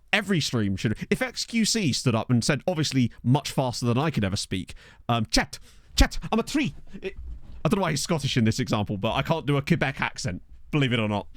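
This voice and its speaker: A man's voice: medium pitch, no room sound, clean studio sound. A man chatting casually on a live stream, thanking viewers and joking as he plays a football management game. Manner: chatty and jokey, thanking viewers, quick laughs. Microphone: desk microphone.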